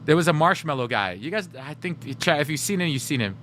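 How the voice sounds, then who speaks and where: A man's voice: on the high side, lively intonation, a little fast, a bit bright, a little hiss or hum. Chatty man talking to his stream chat. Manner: chatty, keeps addressing chat, laughs often. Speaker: livestreamer. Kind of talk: casual livestream chat.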